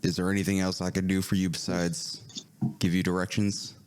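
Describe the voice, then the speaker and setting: A man's voice: low-pitched, completely flat delivery, normal speed, background noise, lightly acted. A man voicing a folksy male desert hermit in a put-on Southern drawl, homespun and calling people son.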